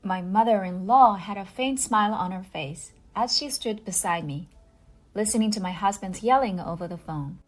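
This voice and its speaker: Woman, story narrator, measured, scripted. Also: mid-range voice.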